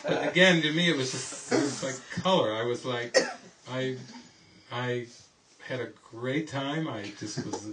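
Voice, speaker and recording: A man's voice: mid-range voice, unhurried. Rambling male spiritual teacher telling stories. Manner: rambling, anecdotal, often laughing. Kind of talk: informal retreat teaching with stories. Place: indoor retreat gathering. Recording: distant mic with faint background noise.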